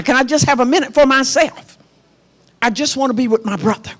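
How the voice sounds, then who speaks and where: A woman's voice: high-pitched, a little fast, a bit bright. A middle-aged woman pastor preaching a sermon in a church. She tells a personal story with passion and speaks straight to her congregation. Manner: impassioned, personal storytelling, addresses the congregation directly. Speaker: pastor and prophet.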